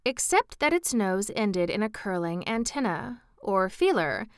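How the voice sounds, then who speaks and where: A woman narrating a classic storybook in an even, measured reading. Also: medium pitch, smooth, no room sound, clean studio sound.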